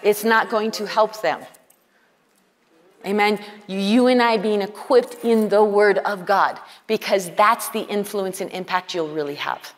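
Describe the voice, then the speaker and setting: A woman's voice: mid-range voice, a little slow. A woman preaching at a women's conference, earnest and conversational, often quoting dialogue. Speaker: conference speaker. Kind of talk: sermon. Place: large conference hall. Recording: hall reverb.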